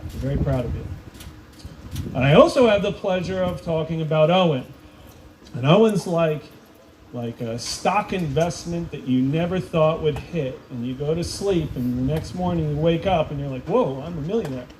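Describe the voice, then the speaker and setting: A man coach giving a ceremony speech, telling lively stories and acting out quoted voices. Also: a little high, normal speed, slight background noise, rough recording. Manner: animated storytelling with voiced quotes. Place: school event space.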